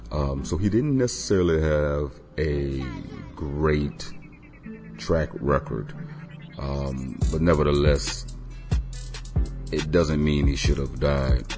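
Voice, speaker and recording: A man's voice: a bass voice, slow. A man hosting his own music podcast, talking loosely with many ums and uhs. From Florida. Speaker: podcast host. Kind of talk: casual podcast monologue.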